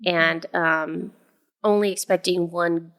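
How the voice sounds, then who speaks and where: A woman's voice: lowish voice, fairly even intonation, slow pace, a bit bright. A mother co-hosting a podcast, telling a family story in casual chat with many fillers and restarts.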